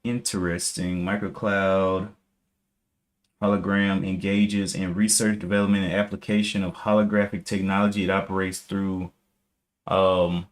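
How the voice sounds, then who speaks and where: Low-pitched guy streaming his day trades, musing out loud, reads chat, corrects himself a lot. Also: little pitch movement, moderate pace. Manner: thinking aloud, musing and self-correcting, reading chat. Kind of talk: casual live-stream market commentary.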